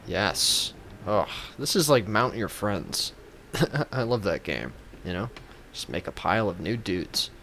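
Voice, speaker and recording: A man's voice: lowish voice, lively intonation, takes it slowly, a bit bright, slight background noise. A man giving comedic gameplay commentary as a gaming YouTuber, joking in a playful, mock-reverent way.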